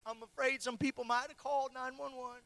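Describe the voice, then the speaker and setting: High bright-voiced male preacher. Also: level tone, fairly quick, gravelly, no room sound. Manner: dramatic swings from loud to hushed; personal storytelling with repeated phrases. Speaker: pastor. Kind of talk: sermon.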